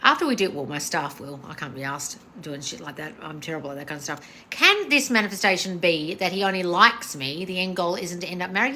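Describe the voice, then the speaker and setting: A woman's voice: fairly low pitch, expressive, a little fast, hardly any pauses, pushed and bright. A middle-aged woman hosting a live question-and-answer stream, speaking bluntly with frequent swearing and calling viewers darling. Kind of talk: casual live Q&A chat.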